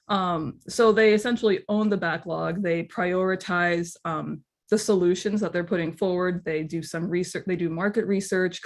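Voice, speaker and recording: Sarcastic woman speaker, low-pitched. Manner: sarcastic, laughs easily. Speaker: guest speaker, product leader. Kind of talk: casual webinar talk.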